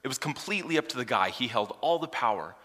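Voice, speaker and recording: A man's voice: medium pitch, quick pace. Emphatic male preacher in an echoing hall. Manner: expressive, swings from hushed to emphatic. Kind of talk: sermon on a scripture reading. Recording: long hall reverb.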